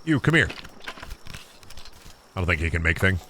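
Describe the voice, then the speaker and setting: A man streaming a game, talking casually and jokingly, rambling and muttering to himself, sometimes breaking into silly high sing-song bits. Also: very animated, moderate pace, bright, forceful tone, slight background noise. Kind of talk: casual gameplay commentary.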